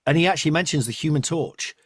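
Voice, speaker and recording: A man's voice: a little high, quick pace, husky, dry recording, studio quality. A man hosting a podcast, chatting casually, often laughing and trailing off. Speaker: podcast host. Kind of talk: casual chat.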